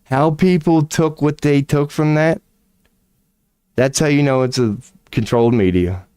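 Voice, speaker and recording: A man's voice: on the high side, measured pace, a little mellow, smooth, dry recording, studio quality. A man streaming, giving casual ranting commentary, profane and incredulous, laughing often.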